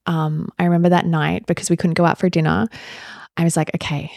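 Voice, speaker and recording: A woman with a low, gravelly voice talks openly and thoughtfully as a podcast host. She recounts her story in an unhurried, reflective way. The sound is dry and close, with no room echo. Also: little pitch movement. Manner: reflective, open storytelling with soft fillers. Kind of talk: candid personal conversation.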